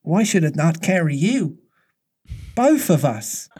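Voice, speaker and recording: A man's voice: a little high, expressive, unhurried, a little mellow, slightly rough, voice pushed up. A man reading aloud, voicing a brave young boy who is wounded and growing faint. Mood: earnest.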